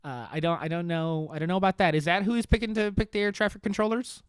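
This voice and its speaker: A man hosting a podcast in a sarcastic comedic monologue, swearing and laughing at his own deadpan jokes. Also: sits high, fast, clean tone, no echo, studio quality. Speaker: podcast host.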